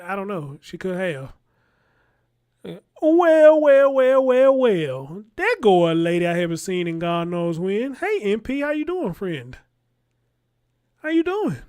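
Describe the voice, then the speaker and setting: A man's voice: fairly high pitch, clean tone. A man, rambling in casual live-stream commentary and talking straight to his viewers. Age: 40s.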